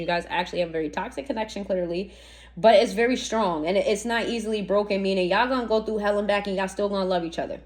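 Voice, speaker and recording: A woman giving a casual tarot reading, blunt and profane, full of slang and rhetorical questions aimed straight at the listener. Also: mid-range voice. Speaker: tarot reader.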